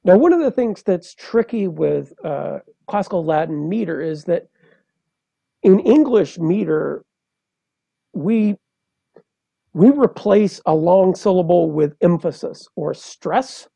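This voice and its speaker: A man, a poet and translator, explaining in a measured, lecturing way on a podcast, with frequent hesitations. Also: high voice, animated, creaky, warm tone, no room sound, lo-fi sound.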